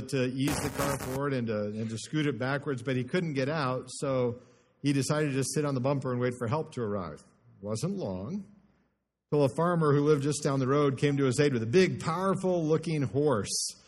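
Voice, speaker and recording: A man's voice: medium pitch, normal speed. A man preaching a sermon to his congregation, telling stories with varied pace and emphasis. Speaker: pastor. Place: church sanctuary before a congregation. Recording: long church reverb.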